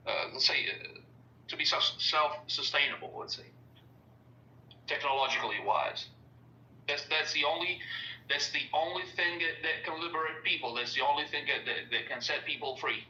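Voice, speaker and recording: A man with an Italian accent from Italy, calling in to a casual group chat and speaking haltingly with many restarts. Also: medium pitch, sharp tone. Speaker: caller. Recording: echoey, distant, dull sound.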